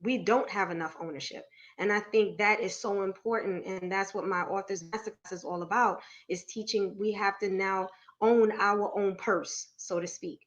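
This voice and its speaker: A woman's voice: mid-range voice, steady tone, moderate pace, few pauses, dull audio. A woman author on a panel, telling her story in a heartfelt way with lots of fillers and repeats. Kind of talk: testimonial sharing, casual. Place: video call.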